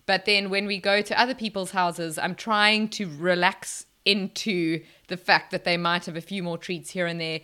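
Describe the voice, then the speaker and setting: Woman, low-ish bright voice, casual podcast chat, laughs often. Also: steady tone, normal speed, hardly any pauses, smooth. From South Africa. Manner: chatty, laughs often, frequent restarts. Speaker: podcast guest, mother.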